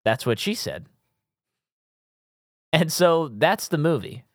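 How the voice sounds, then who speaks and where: A man's voice: a little high, animated, takes it slowly, no echo, studio quality. A man in his thirties co-hosting a podcast, chatting casually about a movie, rambling and correcting himself with jokes. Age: 30s. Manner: rambling, self-correcting, joking. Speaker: podcast co-host. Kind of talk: casual movie-review chat.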